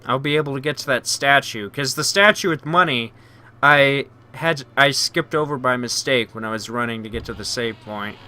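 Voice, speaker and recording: A man's voice: mid-range voice, moderate pace, bright, forceful tone. A man casually commenting on his own gameplay with chatty, wry asides. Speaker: let's play host.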